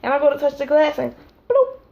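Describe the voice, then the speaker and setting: Woman, high voice, rambling comic storytime, animated, silly voices and sound effects. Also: brisk, gravelly, highs cut off. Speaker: vlogger and mother. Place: home at her child's naptime.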